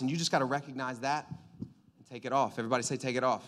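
A man preaching a sermon in a lively, joking way, getting the congregation to call back to him. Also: mid-range voice, fast talker. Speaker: pastor.

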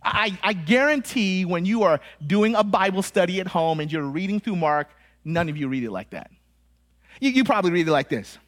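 An American man preaching with a high, lively voice. He keeps it conversational and animated, throwing in jokes and acting out quoted voices as he teaches. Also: a little fast. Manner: animated, joking asides, acts out quoted voices. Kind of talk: sermon.

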